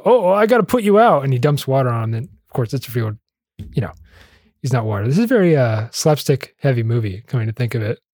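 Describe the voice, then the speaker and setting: A man's voice: medium pitch, warm tone, no echo, clean studio sound. Chatty man recapping a film. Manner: laughs often, acts out characters' lines. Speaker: podcast co-host summarizing a film. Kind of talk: casual chat.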